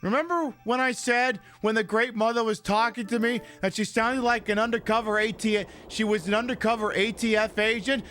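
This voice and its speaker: A man commentating on a video game playthrough, jokey and profane, getting loud and excited at surprises. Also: very high voice, fairly quick, hardly any pauses, faint music behind. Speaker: gameplay streamer. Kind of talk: let's-play commentary.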